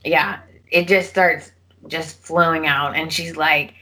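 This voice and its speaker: Female podcast co-host, slow and bright, retells scenes with quoted lines. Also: low-pitched. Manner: animated retelling, acting out characters' lines. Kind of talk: casual soap opera recap chat.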